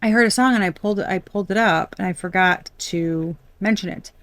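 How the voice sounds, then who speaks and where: A woman's voice: medium pitch, fairly quick, fairly bright tone. A woman giving a casual collective tarot reading, talking bluntly with exasperated asides and frequent swearing. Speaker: tarot reader.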